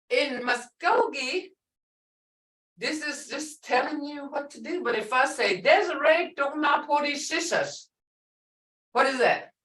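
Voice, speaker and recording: A woman's voice: high-pitched, pushed and bright, reverberant, recorded from a distance, poor audio. A woman language instructor teaching a class, playful, laughing often and repeating phrases.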